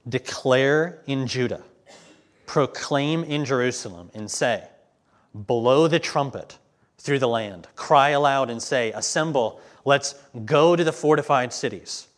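Man preaching and reading scripture aloud. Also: mid-range voice. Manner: reads scripture slowly and emphatically, then talks plainly to the congregation.

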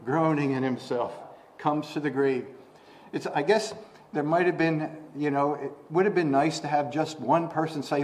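A man's voice: steady tone, moderate pace. Man preaching with rhetorical questions. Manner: conversational preaching with rhetorical questions and repeated restarts; rises in pitch and volume when quoting scripture. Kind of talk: sermon.

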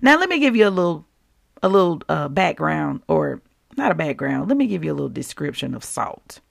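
Lively, gravelly-voiced woman preaching. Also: low-pitched, fairly quick, no echo, clean studio sound. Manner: animated, conversational preaching with scripture reading. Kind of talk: sermon.

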